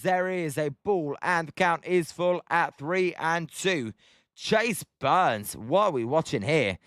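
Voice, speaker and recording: A British man with a light, high voice and a smooth, clean tone, calling each pitch of a baseball game on a live stream. He turns to chat with viewers between plays. The sound is dry and close. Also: expressive, takes it slowly, no echo. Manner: chatty, answers viewer shout-outs between pitches. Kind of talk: live play-by-play commentary mixed with chat.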